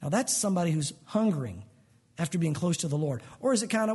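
Animated husky-voiced male preacher. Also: a little high, a little fast. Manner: animated, acts out little scenes with silly voices. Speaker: pastor. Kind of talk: sermon.

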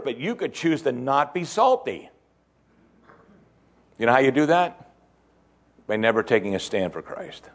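A man preaching a sermon to his congregation, asking them questions and building to emphatic, excited peaks. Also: medium pitch. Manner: asks the congregation direct questions. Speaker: pastor.

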